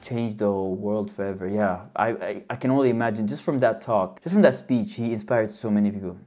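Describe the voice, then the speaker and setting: A man hosting his own channel, giving casual, excitable fan reaction commentary with loud cheering outbursts. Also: lowish voice, fairly quick.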